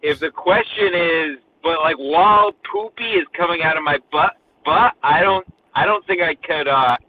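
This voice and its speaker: A man's voice: on the high side, normal speed. A brash man calling into a crude podcast chat, swearing bluntly. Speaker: caller. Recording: tinny phone line with faint noise.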